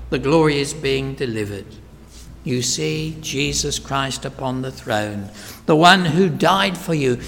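A man preaches with a high, gravelly voice, taking his time over each phrase. He drops to a near whisper, then builds to ringing cries. The sound carries a long hall reverb. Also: a little hiss or hum. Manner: dramatic swings from hushed to loud, slow and emphatic. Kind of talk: sermon.

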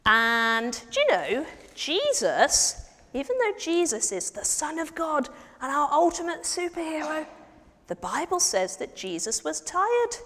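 An animated woman leads a children's Bible story in a church hall and coaxes the children to act it out. Her high voice swoops widely, and she takes her time. A long reverb follows her words, over a faint background hiss. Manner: animated, coaxing, directing children to act along.

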